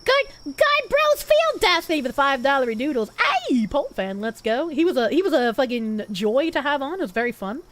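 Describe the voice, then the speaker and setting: High, lively young woman streamer. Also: fast, few pauses. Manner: swinging from loud high squeals to low mutters. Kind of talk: casual live-stream chat reading donations.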